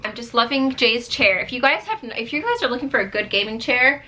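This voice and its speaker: Woman, 30s, vlogger; bright, chatty, venting delivery with fillers. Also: on the high side, sing-song, fairly quick. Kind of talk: candid casual chat to camera.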